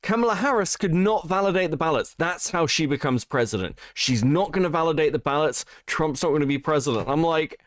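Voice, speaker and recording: A man giving casual, profane live-stream commentary on chat, animated and laughing often. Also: on the high side, fairly quick, hardly any pauses, no echo, studio quality.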